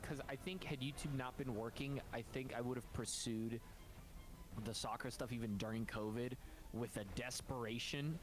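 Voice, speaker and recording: A man's voice: medium pitch, steady tone, moderate pace, faint music behind, rough recording. A young adult man chatting casually as a co-host, rambling and laid-back, with lots of fillers. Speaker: YouTuber co-host. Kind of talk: casual chat.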